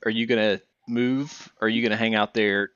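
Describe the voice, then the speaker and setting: A man's voice: lowish voice, a little fast, smooth, dry recording, muffled recording. A man narrating a tabletop role-playing game as dungeon master, hesitant and casual with frequent restarts. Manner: relaxed, hesitant, restarts often.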